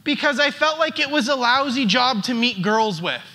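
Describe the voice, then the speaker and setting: A man's voice: very high voice, expressive, normal speed, sharp tone. A male pastor giving a conversational sermon, often repeating words as he starts a phrase. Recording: long hall reverb.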